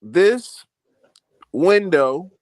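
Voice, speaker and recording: A man with a slightly high voice gives his honest take on his club in a calm, measured way. His voice sounds dry and close. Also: no echo. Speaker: podcast co-host. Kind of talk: casual football chat.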